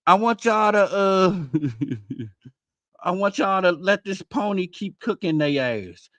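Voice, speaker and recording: A man hosting a live stream, out of breath, talking in a loud, rambling, profanity-heavy way. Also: high voice, expressive, slow pace, dry recording. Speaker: host. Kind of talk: casual stream commentary.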